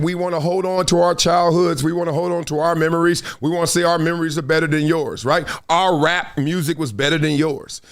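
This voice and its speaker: A man hosts a sports talk show with an emphatic, animated delivery and frequent laughs. His fairly high voice swings widely in pitch as he drives his points home. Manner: animated, emphatic, acts out quotes, laughs often. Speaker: sports podcast host. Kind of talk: animated sports commentary chat.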